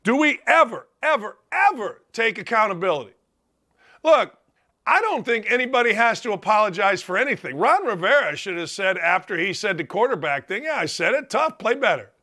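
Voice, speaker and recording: High-voiced guy ranting on his sports talk show, super animated, loud. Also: moderate pace. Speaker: sports talk radio host. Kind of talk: opinionated sports talk monologue.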